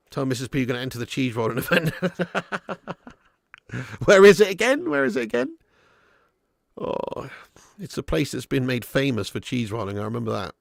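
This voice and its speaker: A man hosts a live football watch-along for his viewers, yelling at the referee and then sinking into low muttering. His voice is bright and edgy, with a gravelly rasp. The sound is dry and close. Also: dry recording. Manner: swears and chats with live viewers. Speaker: fan channel host.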